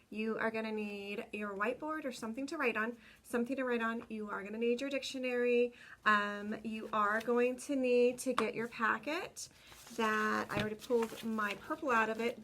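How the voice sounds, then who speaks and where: A young woman teaching kindergarten children remotely, talking slowly and clearly, repeating words and cheering them on. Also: fairly high pitch, a bit bright, a little hiss or hum. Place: home room with a window.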